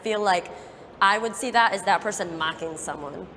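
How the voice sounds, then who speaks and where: A woman's voice: mid-range voice, moderate pace, a bit bright. A woman presses the others with probing questions in a casual panel discussion. Her voice carries a long room reverb. Faint ambient noise sits behind her. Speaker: panel participant.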